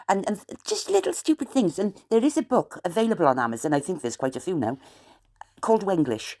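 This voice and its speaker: A woman's voice: medium pitch, big pitch swings, brisk, warm tone. A woman with a South Welsh accent, chatting to camera in a rambling, wandering way and slipping in aggrieved asides. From South Wales. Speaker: vlogger. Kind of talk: rambling late-night chat to camera.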